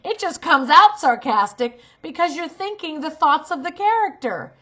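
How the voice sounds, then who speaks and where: A woman's voice: high voice, big pitch swings, moderate pace, fairly bright tone. A middle-aged woman teaching a casual acting lesson, acting out sample lines as she explains. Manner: demonstrates lines, shifting from earnest to sarcastic. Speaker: acting coach and talent manager.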